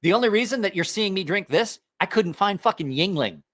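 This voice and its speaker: A man on an angry, cursing rant, his voice swinging widely in pitch. It sits a little high and comes out bright and forceful as he vents his opinions straight to the camera. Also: lively intonation, a little fast. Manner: angry, profane ranting. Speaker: knife channel host.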